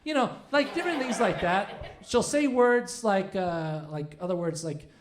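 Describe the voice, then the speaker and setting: A stand-up comedian in his forties works the room from a club stage. He is a man who rambles and restarts, makes fun of himself, and his pitch swings up and down. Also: expressive, unhurried. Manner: rambling, self-deprecating, many restarts.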